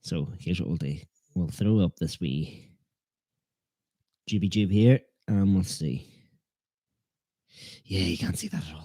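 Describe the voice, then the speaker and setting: A man hosts a live football watchalong, joking at his own expense and needling the chat. His voice sits low and mellow. The sound is dry and close. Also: moderate pace, pauses often, breathy edge, dry recording. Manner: joking, self-deprecating, teasing viewers. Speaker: fan channel host.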